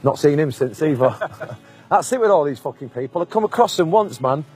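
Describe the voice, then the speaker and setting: A man's voice: on the high side, lively intonation, brisk, a little mellow, slightly rough, soft background music. A Mancunian man in his forties, telling blunt, sweary anecdotes in a casual interview and laughing often. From England.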